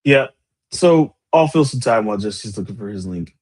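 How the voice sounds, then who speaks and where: A man's voice: fairly low pitch, moderate pace. A man in his forties hosting a podcast, chatting loosely and rambling on a live stream. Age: 40s. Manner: loose, rambling, animated greetings. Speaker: podcast host. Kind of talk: casual livestream chat.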